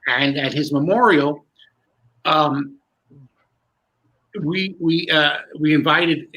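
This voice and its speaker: Bright, lively man telling stories. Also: a little high, takes it slowly, highs cut off, slight background noise. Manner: lively, building suspense with self-interruptions. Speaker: magician recalling a fellow performer. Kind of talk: animated storytelling in conversation.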